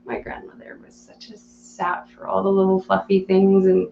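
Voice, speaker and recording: Gravelly-voiced woman chatting on a live stream. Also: mid-range voice, completely flat delivery, normal speed, roomy sound, highs cut off, slight background noise. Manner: chatty, laughs often. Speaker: live streamer reading chat. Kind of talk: casual live-stream chat.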